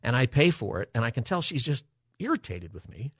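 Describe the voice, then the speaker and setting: A man hosting a Christian talk radio show, speaking in a relaxed, conversational way with many filler words. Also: medium pitch, a little fast, husky, no echo, studio quality. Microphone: studio microphone.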